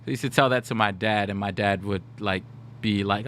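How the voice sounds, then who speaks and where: A man in his thirties streaming, telling funny stories to his chat in a casual, animated way. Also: on the low side, fairly quick, slight background noise. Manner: animated, laughing, slips into put-on voices for quoted people.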